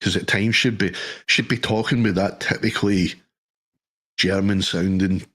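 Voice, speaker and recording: A man's voice: low-pitched, steady tone, normal speed, a bit bright. A middle-aged man in casual chat on a podcast, telling jokey, sweary anecdotes. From Scotland. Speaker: podcast co-host.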